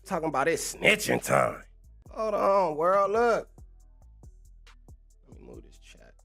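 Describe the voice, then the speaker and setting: A man's voice: high voice, wildly swooping pitch, slow pace, creaky, a bit bright, faint music behind. A young man, ranting casually on a livestream, slangy and laughing often. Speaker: livestream host.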